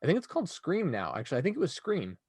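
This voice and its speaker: Man, podcast co-host, casual chat, blunt, animated, dry close sound. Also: a little high, racing, slightly rough, no echo.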